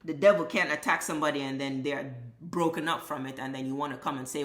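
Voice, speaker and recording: Low-voiced woman ranting bluntly. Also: fast, a bit bright. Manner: blunt, profane, emphatic ranting. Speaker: vlogger. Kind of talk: impassioned opinion monologue. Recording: echoey room.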